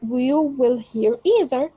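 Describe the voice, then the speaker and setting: A woman teaching an English lesson, speaking deliberately and stressing key words. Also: high voice, animated, slightly rough, no room sound, dull audio. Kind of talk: slow explanatory lesson.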